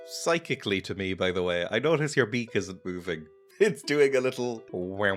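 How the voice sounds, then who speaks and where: A man's voice: lowish voice, moderate pace, soft background music. A young man giving casual, jokey commentary on a game, rambling and laughing often. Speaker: gamer. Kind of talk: casual let's-play commentary.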